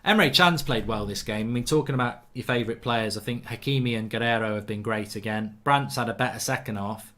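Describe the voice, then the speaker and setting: A man with a lowish voice and a sharp tone is hosting a live football watchalong. Chatting casually, he reads out what viewers comment and gives his strong opinions, being talkative, opinionated and quick to get worked up over refereeing.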